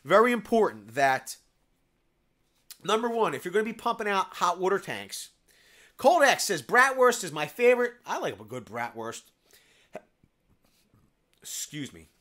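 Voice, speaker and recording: A man's voice: high voice, a bit bright. A man hosting a casual live stream, reading viewer comments aloud and rambling about food and tools. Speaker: live stream host answering viewer chat.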